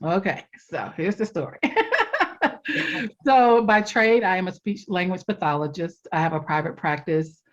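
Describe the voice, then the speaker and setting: A woman guest on a podcast telling a personal story in a casual interview, animated and quick to laugh. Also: lowish voice, dull audio. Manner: animated, laughs often, acts out quotes. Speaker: podcast guest, life coach.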